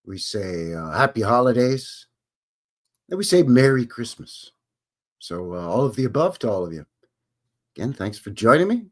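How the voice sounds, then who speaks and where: A man's voice: medium pitch, big pitch swings, moderate pace, long pauses. A Canadian man hosting a casual live stream, rambling and joking as he greets viewers by name. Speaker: livestream host.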